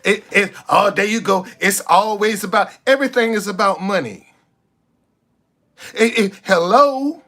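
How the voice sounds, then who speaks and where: With a high, sharp-toned voice and an unhurried pace, a street activist vlogger preaches in a sarcastic, passionate monologue. He stumbles repeatedly, restarting on the same words, over faint music.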